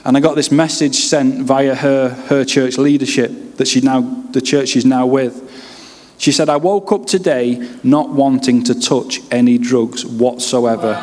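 A man's voice: medium pitch, unhurried. Yorkshire man preaching in a reverberant hall. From West Yorkshire, England. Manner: humorous, lively storytelling. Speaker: pastor. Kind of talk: preaching a personal testimony.

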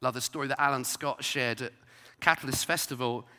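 A man preaching a sermon, emphatic, rising to loud declarations and dropping to soft asides. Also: medium pitch, steady tone, a little fast. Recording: long hall reverb.

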